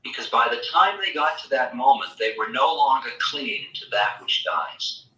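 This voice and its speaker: A man giving a spiritual lecture, telling stories in an animated way and acting out imagined voices. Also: mid-range voice, moderate pace. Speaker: spiritual teacher. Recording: echoey room, mic far off.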